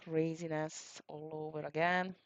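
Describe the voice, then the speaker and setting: A woman's voice: low-pitched, flat delivery, a little slow, no echo. A woman hosting a live trading stream, thinking aloud in slightly as she calls out prices and frets about the market. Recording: dry, dull lo-fi sound.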